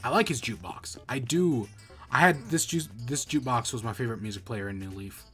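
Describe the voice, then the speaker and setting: A man's voice: mid-range voice, animated, brisk, fairly bright tone, soft background music. A man streaming a video game, chatting casually in rambling, self-correcting bursts. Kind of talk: casual gameplay commentary.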